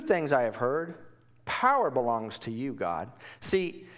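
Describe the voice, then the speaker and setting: A man preaching a Bible lesson in a casual, conversational way, asking questions and swinging from quiet asides to emphatic bursts. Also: mid-range voice, big pitch swings, a little slow. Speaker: pastor. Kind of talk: Bible teaching sermon.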